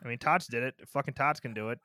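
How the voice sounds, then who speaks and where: A man's voice: mid-range voice, fast, sharp tone, no echo, studio quality. A man co-hosting a casual movie review podcast, laid-back and hesitant, often trailing off. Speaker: podcast co-host.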